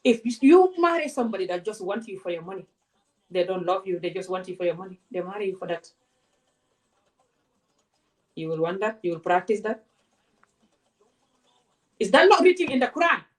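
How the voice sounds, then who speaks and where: A woman speaks straight to her camera. She is passionate and confrontational and fires off one rhetorical question after another. Her pitch sits in the ordinary middle range for a woman. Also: sing-song, moderate pace, long pauses. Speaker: vlogger. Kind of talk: direct-to-camera rant.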